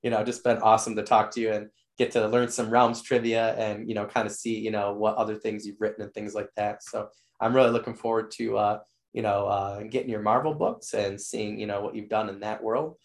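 Male podcast host, hoarse, fry-heavy low voice, rambling and enthusiastic. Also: little pitch movement, brisk. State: losing his voice. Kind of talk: casual interview wrap-up.

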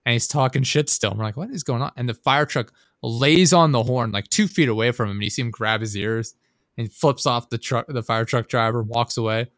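A man's voice: medium pitch, a little fast, a bit bright, dry recording, clean studio sound. Rambling, profane young man telling stories. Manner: rambling, profane storytelling with frequent fillers. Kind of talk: casual chat.

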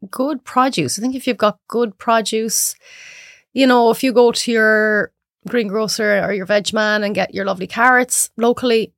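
A woman with an Irish accent, a cook chatting as a podcast guest, telling animated stories and acting out other people's voices. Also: a little high, moderate pace, dry recording, clean studio sound. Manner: animated storyteller who acts out voices. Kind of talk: casual chat.

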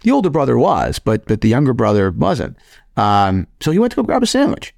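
A young man co-hosting a podcast, telling animated stories in casual, profane chat. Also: medium pitch, brisk, vocal fry, no echo, clean studio sound. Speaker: podcast co-host.

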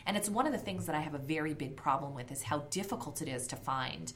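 A woman's voice: deep voice, lively intonation, quick pace. A woman in her thirties co-hosting a podcast in casual chat, blunt and swearing freely. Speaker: podcast co-host.

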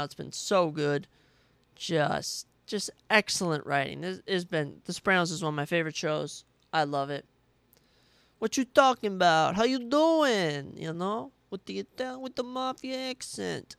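Brief: young male podcast host, gravelly edge, eager and rambling, dry close mic. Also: sits high, a bit bright, no room sound. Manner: enthusiastic, rambling, self-correcting. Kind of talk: solo casual chat.

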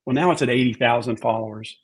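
A man with a slightly husky voice speaks earnestly about faith as a podcast guest. His pitch sits in the middle range, and he leans on repeated words for emphasis. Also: fast.

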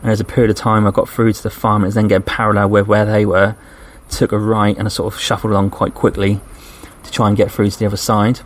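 An English podcast host with a lowish voice talks quickly, casually recounting a day walking a trail. He's chatty, growing animated when he quotes the people he met.

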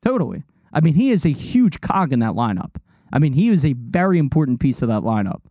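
Higher-voiced young man, rambling. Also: big pitch swings, a little fast, warm tone, no room sound, studio quality. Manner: rambling, laughs often, mocking put-on voices. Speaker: podcast co-host. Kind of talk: casual sports and music chat.

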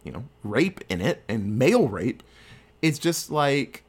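With an unhurried, slightly rough, medium-pitched voice, a male podcast host casually retells a movie scene by scene. His storytelling is animated and loose, peppered with crude jokes.

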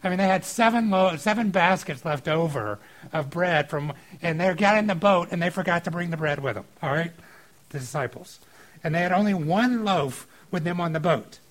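A man preaching a casual sermon on a scripture passage, informal and animated, breaking into acted-out quotes. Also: fairly high pitch, moderate pace, rough recording. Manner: informal and animated, acting out quotes with filler likes.

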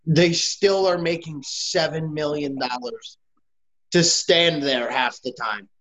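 A man's voice: fairly high pitch, slow pace, fairly bright tone. A young man in a casual sports chat, blunt and swearing casually. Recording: dull lo-fi sound.

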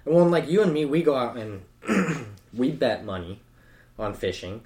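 Here a young man co-hosting a podcast speaks at a moderate pace, his mid-range voice darkish in tone with lively intonation. The talk is casual and slangy, relaxed, with frequent laughter.

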